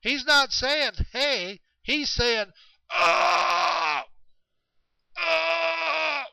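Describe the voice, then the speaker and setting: A man putting on a breathless, excited hunter. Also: drawn-out words, creaky, no echo, heavily acted, low-quality recording. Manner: excited, high-pitched exclamations. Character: excitable young male hunter, breathless with wonder.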